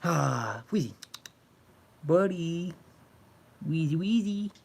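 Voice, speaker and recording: Here a young livestream host talks to his cat in warm, coaxing pet talk. His voice sits on the high side, husky and gravelly with a darkish tone, and he speaks slowly with lively intonation.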